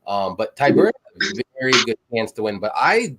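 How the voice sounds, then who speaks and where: A man's voice: lowish voice, big pitch swings, brisk, noisy background. A man co-hosting a live betting show, giving his fight picks in a casual way full of "like" and "um.". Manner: casual, filler-heavy, restarts with "like" and "um". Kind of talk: casual sports betting chat.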